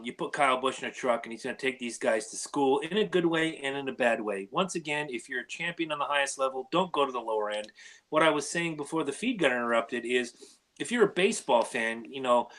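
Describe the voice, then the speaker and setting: A man's voice: mid-range voice, expressive, fast, fairly bright tone. A man co-hosting a casual motorsport podcast, talking in a chatty, opinionated way. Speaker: podcast co-host. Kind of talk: casual sports podcast chat.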